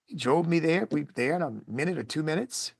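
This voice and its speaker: Un hombre de voz áspera y grave narra con emoción una historia personal ante su público. Alterna pasajes en voz baja, casi susurrada, con arrebatos animados. El sonido es seco y cercano, sin eco. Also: male voice, on the high side, a little fast, vocal fry, breathy edge, no room sound, studio quality. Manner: animated, swings between hushed and lively. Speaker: speaker telling his life story. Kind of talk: emotional personal storytelling to an audience.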